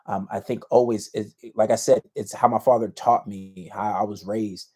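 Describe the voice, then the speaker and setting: A man's voice: on the low side, fairly even intonation, normal speed, darkish tone, slightly rough. Blunt, self-assured man giving dating advice. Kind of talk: casual advice monologue to camera.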